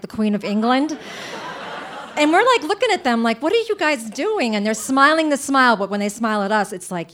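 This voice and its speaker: Animated, comic woman storyteller. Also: fairly high pitch. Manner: lively, comic, animated, frequent "like". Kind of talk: live personal storytelling. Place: stage before a live audience.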